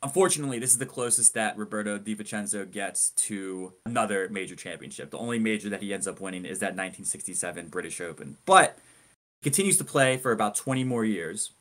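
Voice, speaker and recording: A man co-hosting a podcast, telling a story in a casual way and building suspense with dramatic emphasis and animated, indignant asides. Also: lowish voice, fast. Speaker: podcast co-host.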